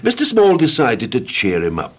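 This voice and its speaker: Expressive children's storybook narrator, husky, wildly animated pitch. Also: male voice. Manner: playful, expressive, slowing for effect.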